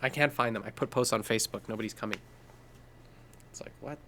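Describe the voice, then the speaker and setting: A man's voice: on the low side, fast talker, a little hiss or hum. A man co-hosting a podcast, talking casually and swearing freely as he tells stories. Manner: swears freely, animated storytelling with laughs. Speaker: podcast co-host. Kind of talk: casual conversation.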